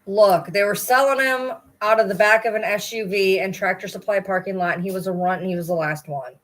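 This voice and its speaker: A woman's voice: mid-range voice, fairly quick, fairly bright tone. Chatty woman cooing at her dogs. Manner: blunt, swears casually. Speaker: livestreamer. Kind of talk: casual chat during a livestream.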